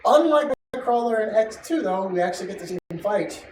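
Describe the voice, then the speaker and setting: Male podcast host, casual and profane, a bit higher voice, distant from the mic in an echoey, noisy room. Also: a little fast. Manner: profane, excitable, quotes people in voices. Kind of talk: casual chat.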